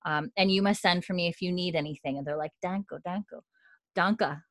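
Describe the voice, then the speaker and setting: Animated young woman recapping with a dry close sound. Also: fairly low pitch, no echo. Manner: animated, laughing, acts out characters' lines in quick put-on voices. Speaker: podcast host recapping a TV episode. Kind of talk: casual chat.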